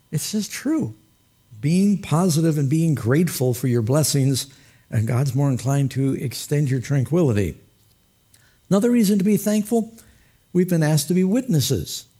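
A man's voice: on the high side, mellow, husky. A man preaching a sermon as pastor, folksy and humorous, with light laughs and quoted asides.

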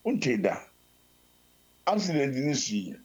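A man's voice: medium pitch, big pitch swings, takes it slowly, rough recording. A man preaching a sermon, switching between Twi and English.

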